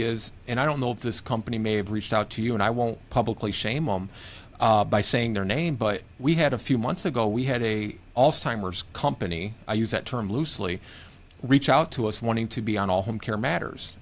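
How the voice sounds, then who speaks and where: An earnest man from Michigan, talking as a guest on a care podcast. His voice sits at a middle pitch, and he tells stories with quoted advice in a conversational way. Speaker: podcast guest, home care case manager. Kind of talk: conversational interview.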